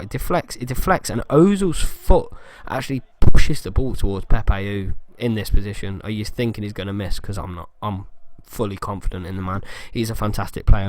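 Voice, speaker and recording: A man giving excitable fan commentary over a football video game, close to his mic. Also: fairly low pitch. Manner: excitable fan banter, bursts of shouting. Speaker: gaming YouTuber. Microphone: close desk mic.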